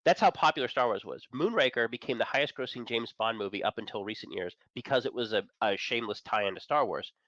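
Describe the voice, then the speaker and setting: As a guest on a talk show, a man who is managing editor of an entertainment and tech site chats enthusiastically and with strong opinions, chuckling between points. His medium-pitched, fairly bright voice moves quickly with hardly any pauses; the sound is lo-fi with no echo.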